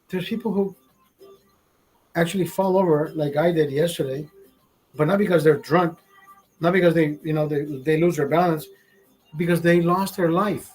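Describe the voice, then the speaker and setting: A man's voice: fairly high pitch, darkish tone, slightly rough. A man talking to his stream in a rambling, emotional monologue, swearing often and talking to himself. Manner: rambling, heavy swearing, self-talk.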